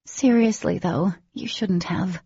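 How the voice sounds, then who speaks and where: A woman voicing an excitable, gushing teenage girl heroine in an audiobook, with a lifted, excited delivery. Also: medium pitch, slow pace, breathy edge, dry recording, lo-fi sound, heavily acted.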